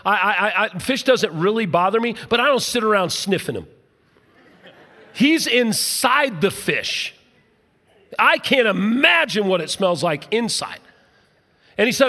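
A middle-aged male pastor preaching a sermon, jokey and conversational, dropping now and then to a soft, low voice. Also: lively intonation, a little slow. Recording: long hall reverb.

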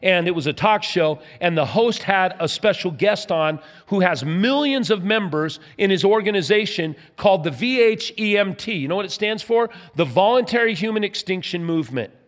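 A man preaching a sermon as pastor, emphatic, asking rhetorical questions and letting his voice drop soft at the ends of phrases. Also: sits high, animated, moderate pace, hardly any pauses. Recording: long hall reverb.

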